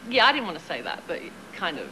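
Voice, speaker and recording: A woman's voice: fairly low pitch, huge pitch swings, fast, sharp tone. A woman with a London British accent, a guest on a talk show, chatting frankly and joking about her work and family. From England. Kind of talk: casual chat. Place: TV studio with audience. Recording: hissy dull 1990s TV broadcast.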